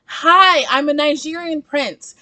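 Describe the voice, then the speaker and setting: A woman's voice: high voice, slow, bright, forceful tone, no echo, voice pushed up, full character voice. A woman parodying a scammer posing as a wealthy prince, in a mock-formal tone.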